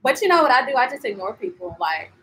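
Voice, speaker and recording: A young woman talks to her viewers in a loose, chatty live-stream travel vlog. Her voice sits a little on the high side, and she keeps it animated and conversational, with lots of "like". A faint hum of ambient noise runs behind her. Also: fast, low-quality recording. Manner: chatty and animated, heavy on "like" and "you know"; reads and answers viewer comments. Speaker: travel vlogger. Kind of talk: casual live-stream chat.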